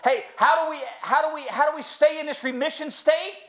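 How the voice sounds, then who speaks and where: Briskly and in a very high, somewhat bright voice, a middle-aged American man preaches from a church sanctuary. His sermon is folksy, story-driven, and funny, and he addresses everyone as y'all.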